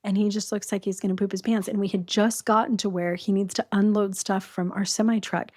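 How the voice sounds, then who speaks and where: Animated woman guest in her forties. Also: medium pitch, no echo, studio quality. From Arizona. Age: 40s. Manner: animated, quick storyteller. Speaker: podcast guest. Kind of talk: casual storytelling interview.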